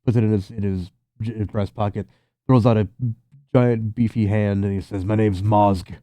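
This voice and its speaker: Low-voiced male game master. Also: normal speed, no echo. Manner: relaxed, casual. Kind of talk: narrating a tabletop game.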